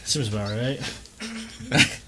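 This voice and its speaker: A man's voice: fairly low pitch, takes it slowly, background noise. A man co-hosting a podcast, teasing the others and laughing between lines. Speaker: podcast co-host. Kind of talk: crude casual banter.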